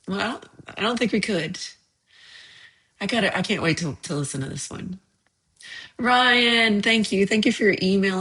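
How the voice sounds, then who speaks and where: A woman hosting a livestream chat, casually rambling about her week with frequent laughs, sounding a little under the weather. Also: medium pitch. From United States. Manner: chatty, rambling, laughs often. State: slightly unwell after a bad night. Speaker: livestream host. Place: home.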